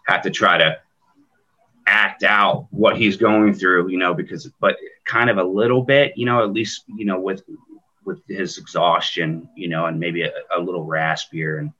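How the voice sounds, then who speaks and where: A man's voice: deep voice, flat delivery, moderate pace, pushed and bright, breathy edge, highs cut off. A man chatting casually in an interview, laid-back and joking, telling things in a rambling way. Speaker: guest narrator on the album.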